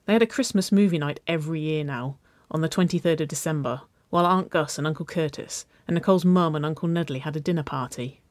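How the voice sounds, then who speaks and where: A woman narrating a children's-style story, reading aloud with a gentle, even delivery. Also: deep voice, fast, hardly any pauses, dry recording.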